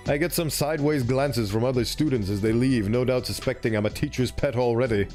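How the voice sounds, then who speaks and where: A man's voice: medium pitch, brisk, few pauses, a little mellow, faint music behind. A man streaming a game, reading the story aloud and chatting playfully between lines. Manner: playful, chatty, self-interrupting. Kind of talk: let's play with reading aloud.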